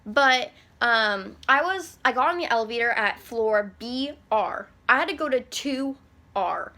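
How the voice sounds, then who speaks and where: A woman's voice: a little high, animated, unhurried, pushed and bright. A young adult woman vlogger telling a storytime in a chatty, rambling way, full of "like" fillers. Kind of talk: casual storytime.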